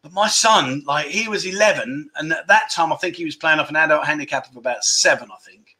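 A man's voice: fairly high pitch, a little fast, pushed and bright. A middle-aged man hosting a casual livestream, chatting and reading viewer comments in a rambling, self-deprecating way. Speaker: livestream chat show host.

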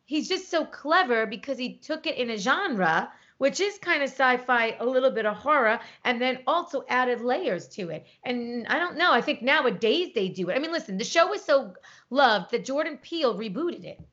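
Brief: woman podcast co-host, fairly high voice, chatty storyteller, dull call audio. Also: normal speed. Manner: animated storytelling, acts out quotes. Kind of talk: casual chat. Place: home, remote call.

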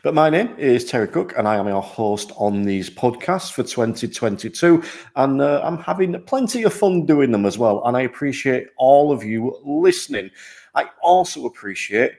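An upbeat man hosts a podcast in a mid-pitched, everyday voice. He jokes at his own expense, and his pitch jumps up brightly on the lines he stresses. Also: normal speed. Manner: upbeat and self-deprecating, with lively jumps in pitch. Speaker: podcast host. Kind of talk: podcast hosting.

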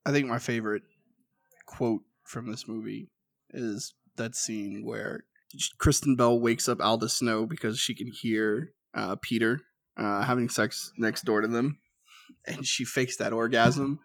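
A man co-hosting a casual movie podcast, relaxed, laughing as he tells a scene. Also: mid-range voice, unhurried, no echo, studio quality. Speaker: podcast co-host. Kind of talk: casual chat.

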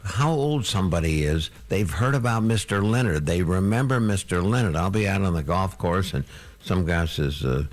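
An older man with a very deep, low voice calls in as a guest and spins wry stories. His jokes land deadpan, with the easy timing of a longtime broadcaster. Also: normal speed. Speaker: guest, veteran radio host. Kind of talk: phone-in guest chat.

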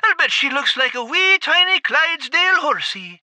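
A man's voice: extremely high pitch, big pitch swings, normal speed, pushed and bright, no room sound, exaggerated voice. A man voicing a doting, affectionate male cat who talks in homely "wee" and "me" phrases. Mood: fond.

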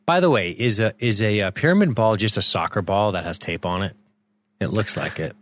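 A man's voice: lowish voice, lively intonation, a little fast, a bit bright. A man co-hosting a podcast in casual chat, crude and joking, riffing on wordplay. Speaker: podcast co-host.

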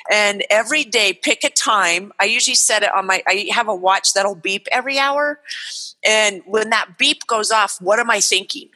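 A woman's voice: mid-range voice, moderate pace, rough recording. A woman in her forties, a parenting author, talking animatedly in an interview and acting out what parents say to their kids. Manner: animated, acts out parent dialogue. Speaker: guest author and parenting speaker.

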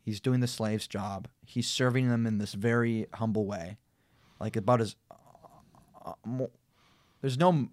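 A man co-hosting a casual Bible discussion podcast, talking in an animated way with frequent laughs and restarts. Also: fairly low pitch, unhurried, long pauses, no room sound. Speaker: podcast co-host.

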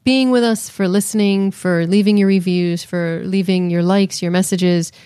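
A woman co-hosting a casual podcast, playful and quick to laugh as she reviews a film. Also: medium pitch, fairly even intonation, mellow, smooth, no echo, clean studio sound. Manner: playful, laughs often, breaks into sung bits. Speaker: podcast co-host. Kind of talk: casual chat.

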